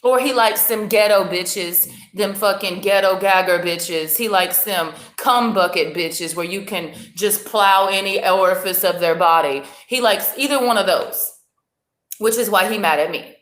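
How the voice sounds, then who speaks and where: A woman's voice: mid-range voice, unhurried, fairly bright tone, echoey room. Combative woman ranting on a livestream. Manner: mocking, combative, sarcastic. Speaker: livestream host. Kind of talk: heated livestream rant.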